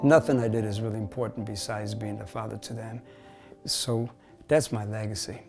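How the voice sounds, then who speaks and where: A man, a bass player, telling personal stories in a documentary interview, candid and profane, dropping Spanish phrases. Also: fairly even intonation, moderate pace, music in the background.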